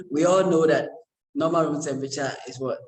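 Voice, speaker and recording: A man's voice: a little high, a little slow. A man giving a university lecture in a classroom, conversational and joking, checking in with his students again and again. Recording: echoey lecture room.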